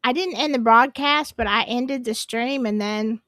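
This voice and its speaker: A woman's voice: fairly high pitch, a little slow, a bit bright, no room sound, clean studio sound. A woman hosting a live stream, chatting casually and apologizing in a flustered, rambling way. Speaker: livestream host.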